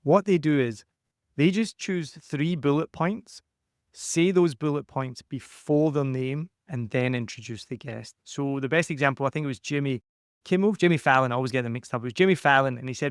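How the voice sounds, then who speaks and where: A man's smooth, resonant voice at a middle pitch, talking in an energetic, conversational way as he coaches a podcaster. He acts out little quotes as he explains. The sound is dry and close, with no room around it. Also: normal speed, dry recording.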